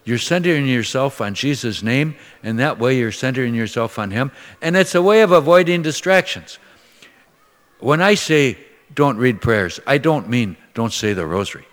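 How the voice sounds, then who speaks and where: Preaching with a folksy, conversational touch, this older Minnesota priest from the USA tells stories in his sermon and voices the characters himself. He's expressive, medium-pitched, and moderately paced, with a big-room sound.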